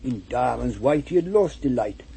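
A man recites rhymed verse in a lilting, rhythmic storybook manner. His voice is very husky and breathy, dark and mellow in tone, sitting a little high for a man. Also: animated, normal speed, rough recording. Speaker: reader. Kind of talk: poetry reading.

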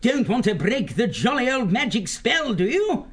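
A man's voice: extremely high pitch, big pitch swings, normal speed. A man voicing a jolly, blustering male hare who leads the troops with hearty, old-fashioned officer talk.

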